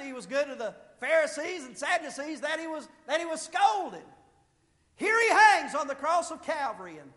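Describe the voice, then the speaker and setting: A man preaching a sermon with fervor, rising to loud shouted peaks and then dropping low and quiet. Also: big pitch swings, moderate pace. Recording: long reverb of a large hall.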